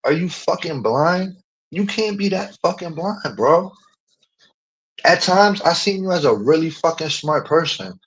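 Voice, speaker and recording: A man's voice: fairly high pitch, animated, measured pace, a bit bright, dull audio. Profane, ranting man streamer. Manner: profane, emphatic, repetitive fillers. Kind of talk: heated casual rant.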